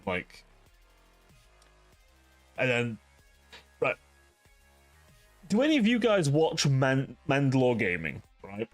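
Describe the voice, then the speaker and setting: A man's voice: mid-range voice, big pitch swings, takes it slowly, long pauses, soft background music. A man hosting a livestream, chatting casually with viewers in a rambling, profane way, filling his talk with "like". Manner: rambling, profane, ranting, heavy use of "like". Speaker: livestream host.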